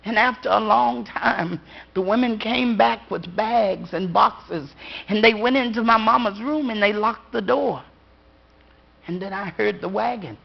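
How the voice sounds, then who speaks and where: A woman storyteller spins a ghost story in a slow, dramatic rhythm and lets long pauses hang. Her voice is gravelly, and the live recording sounds dull and lo-fi. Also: medium pitch. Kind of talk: spoken ghost story told to a live audience.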